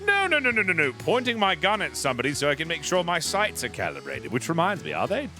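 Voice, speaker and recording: A man's voice: fairly high pitch, huge pitch swings, quick pace, sharp tone, faint music behind. A man speaking in character in a roleplay, playful and teasing, rambling with many fillers. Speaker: roleplay player as a captain character.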